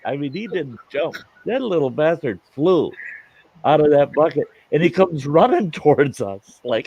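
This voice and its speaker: A man's voice: on the high side, lively intonation, normal speed, warm tone, dry recording. A man hosting a show, telling a folksy campfire story in casual talk and chuckling through it. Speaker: storyteller host.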